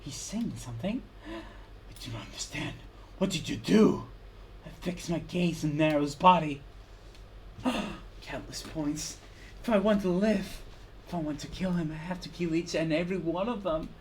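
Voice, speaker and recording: Low-voiced woman reading dramatically. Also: normal speed, slight background noise. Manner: intense, swings from hushed whispers to loud cries. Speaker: streamer. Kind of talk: dramatic reading of a visual novel. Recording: clear background music.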